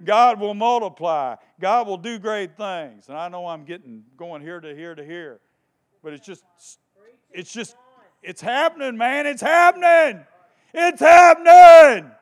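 A man preaching a sermon with passion, repeating phrases for emphasis and swinging between hushed tones and shouting. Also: high voice, measured pace.

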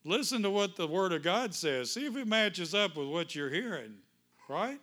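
A man's voice: high voice, lively intonation, moderate pace, a bit bright. A male pastor preaching a fervent sermon in church, praying and reading scripture with call-and-response to the congregation.

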